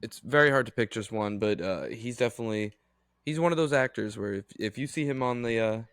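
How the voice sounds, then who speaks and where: A man's voice: mid-range voice, brisk, clean tone, dry recording, studio quality. A man hosting a movie podcast, talking casually with frequent "uh" hesitations. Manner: steady, hesitant with "uh" fillers.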